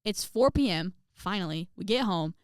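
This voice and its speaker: A sassy young woman recounts a story to her viewers, talking in an animated way and breaking into dramatic outbursts. Her voice sits at a middle pitch. The sound is dry and close, with no room around it. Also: moderate pace, clean tone, dry recording. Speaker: vlogger. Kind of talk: storytelling vlog.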